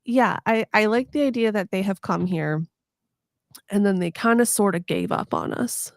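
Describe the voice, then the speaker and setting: A woman's voice: mid-range voice, moderate pace, creaky, no echo, studio quality. A woman hosting a podcast in casual chat, playful and sarcastic, swearing freely and acting out silly voices. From United States. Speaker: podcast host.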